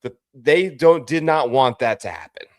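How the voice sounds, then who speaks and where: On a casual golf betting podcast, a male co-host lays out his opinions with confident certainty. His mid-range voice is expressive and moderately paced, recorded dry at studio quality.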